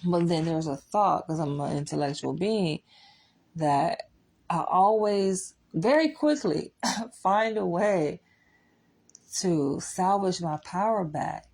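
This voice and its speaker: A woman's voice: fairly low pitch, expressive, takes it slowly, gravelly, a little mellow, breathy edge, low-quality recording. A woman vlogging a candid personal monologue, blunt and profane, laughing often between points.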